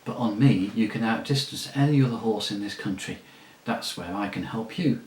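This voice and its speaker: A man doing a proud, brisk talking war horse. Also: fairly low pitch, a little mellow, echoey room, natural voice, poor audio. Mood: brisk, commanding. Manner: brisk, commanding, scornful. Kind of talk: audiobook reading.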